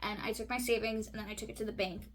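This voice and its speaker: A young woman from California telling a personal story in an excitable, chatty way, full of fillers. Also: medium pitch, quick pace. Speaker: vlogger. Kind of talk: casual chat.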